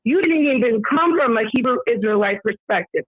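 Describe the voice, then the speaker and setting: A woman's voice: fairly high pitch, expressive, brisk, no room sound. A woman in a heated call-in debate, insistent and pushing to be heard, quoting scripture as she argues. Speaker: debate guest. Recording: tinny phone line.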